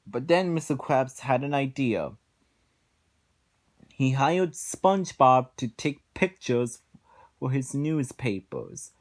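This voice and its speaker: Slow, exasperated sighing man. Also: mid-range voice, expressive. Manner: exasperated, sighing often, rambling. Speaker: episode reviewer. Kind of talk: casual spoken review.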